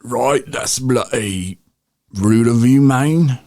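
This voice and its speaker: A man's voice: takes it slowly, dark tone, no room sound, clean studio sound. A man voicing a jokey, exaggerated mock-British man in a put-on British accent. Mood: mock indignant. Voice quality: exaggerated, high-lifted imitation.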